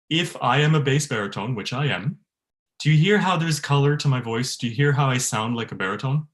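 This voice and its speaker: A man, a bass-baritone voice teacher, leading an online workshop for choir singers, laughing often and demonstrating sounds. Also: animated, a little fast, fairly bright tone. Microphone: video call.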